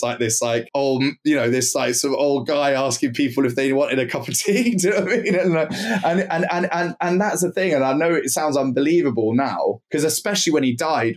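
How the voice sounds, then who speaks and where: Guy on a podcast telling a rambly story, lots of "like" and "you know", mid pitch. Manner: rambling, lots of fillers and restarts. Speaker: podcast guest, club night owner. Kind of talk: casual anecdotal storytelling.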